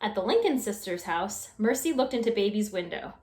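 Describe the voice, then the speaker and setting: A woman reading a children's storybook aloud with expressive, animated storytelling. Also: mid-range voice, a little fast, slight background noise. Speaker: storytime reader. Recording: echoey room.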